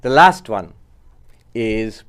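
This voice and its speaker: A man giving a spiritual discourse as a Vedanta teacher, measured and explanatory, often posing rhetorical questions. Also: fairly low pitch, expressive, fairly bright tone.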